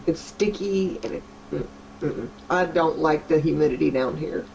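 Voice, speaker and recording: A woman's voice: deep voice, moderate pace, creaky, darkish tone, a little hiss or hum, low-quality recording. Sassy woman chatting. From Texas. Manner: sassy, teasing. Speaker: co-host. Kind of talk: casual stream chat.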